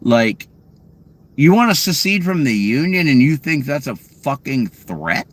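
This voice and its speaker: A man's voice: medium pitch, sing-song, measured pace. Profane, heated man ranting in a car. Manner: profane, heated, swings loud and quiet. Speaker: vlogger answering chat questions. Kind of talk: angry rant answering live chat.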